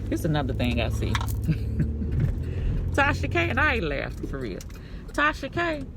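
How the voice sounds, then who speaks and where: Lively, laughing woman vlogger. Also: low-pitched, slow pace, gravelly, long pauses, background noise. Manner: animated, laughing, swearing freely, repeats herself; talks while putting on lashes and makeup. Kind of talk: casual commentary vlog. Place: alone at home.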